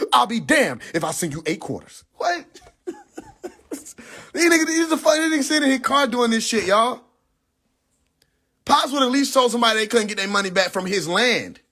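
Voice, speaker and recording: High-pitched, animated young man ranting. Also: normal speed, pauses often. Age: young adult. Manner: animated, incredulous, laughing often, profane. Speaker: livestream host. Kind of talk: casual livestream rant. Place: in a car.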